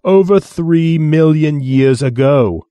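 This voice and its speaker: A man's voice: a little high, takes it slowly, mellow, no echo, muffled recording, pitched above the performer's own voice. A man voicing a proud male crew member who declaims dramatically. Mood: dramatic.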